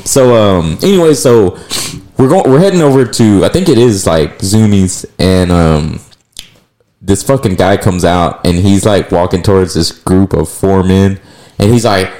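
A man's voice: deep voice, a little slow, dark tone. A young man hosting a podcast in casual chat, telling stories in a laid-back way with lots of fillers and swearing. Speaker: podcast host.

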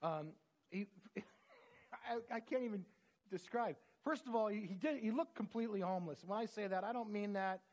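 A man preaching a sermon, telling stories in an earnest, conversational way. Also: high voice.

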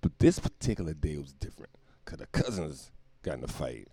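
A man's voice: rumbling low, big pitch swings, a little fast, dark tone, slightly rough, no room sound. A man hosting a comedic solo podcast, rambling, profane and self-mocking, often laughing at his own jokes. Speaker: podcast host.

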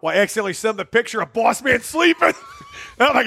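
A man's voice: extremely high pitch, animated, quick pace, creaky, sharp tone, husky. A man on a podcast telling rowdy stories in casual chat, laughing often and swearing freely. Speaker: podcast co-host.

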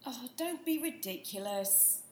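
A woman playing a dramatic, ambitious actress in a comedic audio play, theatrical and sharp-tongued. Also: fairly high pitch, lively intonation, a little slow, reverberant. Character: dramatic ambitious actress who wants an epic.

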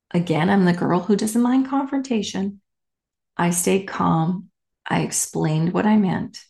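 Lady host telling her story kinda low and unhurried, candid and chatty, roomy echo. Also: gravelly. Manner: candid, animated storyteller with casual asides. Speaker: podcast host. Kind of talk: personal storytelling.

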